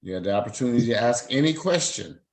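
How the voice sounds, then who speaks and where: A man's voice: medium pitch, lively intonation, fast talker, darkish tone, rough recording. A man presiding as a judge, formally reading out charges, fines and rights in a court hearing. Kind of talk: court proceedings over a video call.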